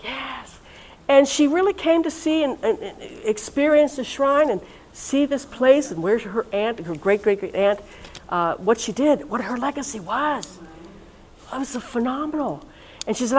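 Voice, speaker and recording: A woman, a religious sister, leading a reunion session in a chatty, lively way and talking straight to her audience. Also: fairly high pitch, measured pace, pauses often, poor audio. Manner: chatty and lively, talks directly to listeners. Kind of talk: informal talk to a live audience. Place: college event room.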